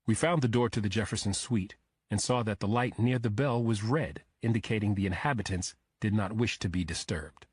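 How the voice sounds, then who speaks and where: A man reads a crime thriller audiobook with a measured, even delivery. His voice sits low with a husky grain. The recording is dry and close, with no room sound. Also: no echo. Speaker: audiobook narrator. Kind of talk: scripted first-person narration.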